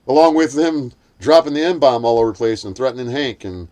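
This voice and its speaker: A man's voice: animated, fairly quick, darkish tone. A man in a casual chat, telling a heated story full of swearing and acting out what others said. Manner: acts out quotes in a shrill voice.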